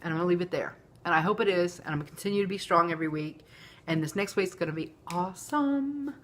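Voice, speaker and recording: A woman's voice: on the low side, quick pace. A woman, talking candidly and emotionally in a rambling personal vlog. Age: 40s. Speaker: vlogger. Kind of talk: casual confessional vlog.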